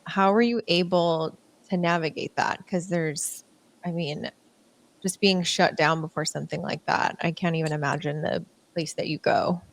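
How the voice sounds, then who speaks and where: An American woman hosting a podcast, asking questions and responding with quick affirmations. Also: lowish voice, fairly even intonation, vocal fry. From United States. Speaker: podcast host. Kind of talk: casual interview chat.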